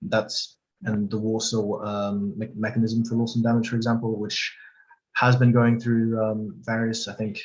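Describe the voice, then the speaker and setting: Brief: low, monotone man panelist on a video call, halting with fillers, dull lo-fi sound with faint hiss. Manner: hesitant, full of fillers and hedges. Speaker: panelist on climate finance. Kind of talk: live online discussion.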